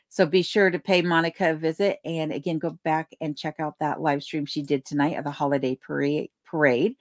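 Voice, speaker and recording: A woman's voice: lowish voice, no room sound, clean studio sound. Chatty woman hosting a livestream. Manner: chatty, thanks viewers by name, laughs easily. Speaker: livestream host. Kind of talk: casual livestream chat, reading viewer comments. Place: home in remote snowy Alaska. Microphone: desk microphone.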